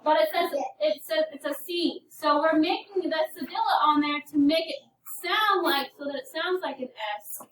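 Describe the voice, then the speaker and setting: A woman's voice: high-pitched, normal speed, hardly any pauses, fairly bright tone, slight background noise. A woman teaching a phonics lesson to a class, patiently prompting students and calling on them by name. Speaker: elementary school teacher. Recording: echoey classroom from far off.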